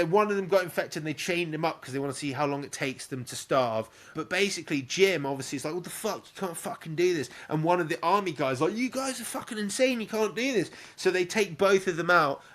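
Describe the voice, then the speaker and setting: A man's voice: a little high, fairly bright tone. A young man, a podcast co-host, retelling a film in casual, sweary chat and acting out bits with little sound effects.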